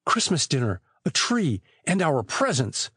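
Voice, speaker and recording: Guy putting on a brisk, confident teenage boy detective, pitched up a touch, audiobook style. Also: very animated, a bit bright, breathy edge, dry recording, studio quality, exaggerated voice. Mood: cheerful. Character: eager teenage boy detective, older brother.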